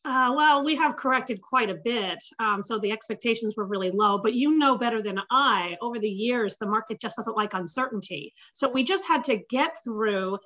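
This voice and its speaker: A woman's voice: on the high side, normal speed, few pauses, pushed and bright, highs cut off. A woman, a guest investment strategist, explaining the markets confidently in an interview.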